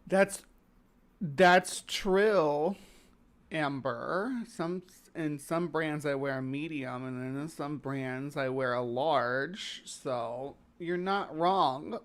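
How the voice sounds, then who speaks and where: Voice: medium pitch, extremely slow. A live stream host from Missouri with a slight Southern accent, rambling casually with many fillers while reacting to videos.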